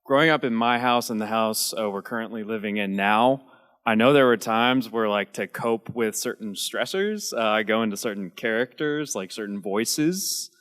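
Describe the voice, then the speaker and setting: A man's voice: lowish voice, moderate pace, a bit bright. A man in the audience asking a panel question, hesitant and filling gaps with um and like. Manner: hesitant, many ums and likes. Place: large convention hall. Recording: long hall reverb.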